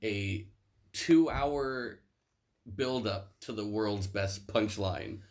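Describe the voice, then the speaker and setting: A man's voice: fairly low pitch, drawn-out words. A young man co-hosting a podcast, casual and laid-back, making wry jokes. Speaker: podcast co-host. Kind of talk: casual chat.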